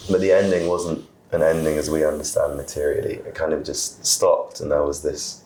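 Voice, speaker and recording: Relaxed podcast host, male, very low and gravelly, recorded in a roomy space. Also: moderate pace. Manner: relaxed, with fillers and soft laughs. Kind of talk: casual storytelling. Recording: roomy room with faint background noise.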